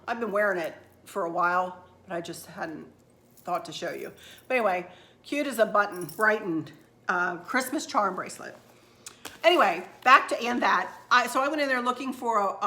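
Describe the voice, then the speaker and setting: A middle-aged woman vlogger with a sharp, mid-range voice chats casually with her viewers from home. She rambles in a chatty way, calling her audience "y'all."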